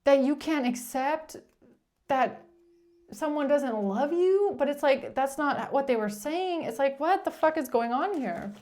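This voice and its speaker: A high-pitched woman talks through a tarot reading in a loose, casual monologue. She is blunt and exasperated, swears without hesitation, and keeps circling back through restarts and fillers. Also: lively intonation, measured pace, darkish tone. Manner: rambling, with frequent restarts and filler "like". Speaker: tarot reader.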